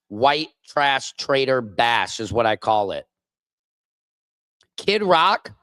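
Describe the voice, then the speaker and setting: A male comedian fronts his own show with a furious, profane tirade. He speaks slowly and leans on every word, his voice sitting a little high. The sound is dry and close. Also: fairly bright tone, dry recording. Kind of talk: angry political rant on a stream.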